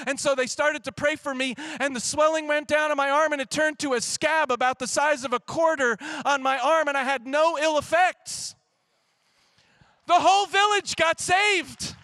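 A man preaching a sermon in a church as pastor, conversational and animated, at times shouting. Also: very high-pitched, moderate pace, no echo.

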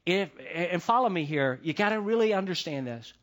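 A man preaches a sermon as pastor, conversational and repetitive, regularly checking in with the congregation. His voice is high and fairly bright, with lively intonation at a normal speed.

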